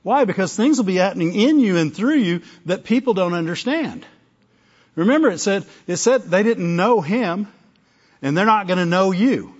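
Conversational preacher with a dull recording. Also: male voice, high-pitched, lively intonation, moderate pace, husky. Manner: conversational, self-interrupting, acts out little dialogues. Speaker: pastor. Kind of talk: sermon.

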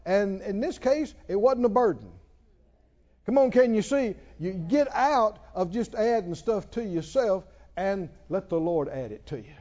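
Man, pastor, sermon, high voice, lively pitch, mellow tone, muffled recording. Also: measured pace. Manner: emphatic preaching, rising to loud exclamations.

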